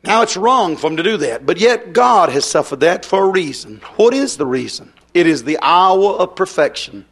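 A man's voice: high-pitched, very animated, normal speed, a bit bright. A man preaching a fiery, folksy revival sermon.

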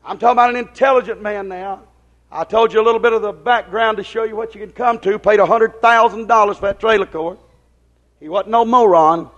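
A man's voice: sits high, steady tone, brisk, fairly bright tone, lo-fi sound. A man preaching a folksy, rambling sermon, often asking the congregation whether they follow him. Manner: folksy, rambling, drops into quoted dialogue.

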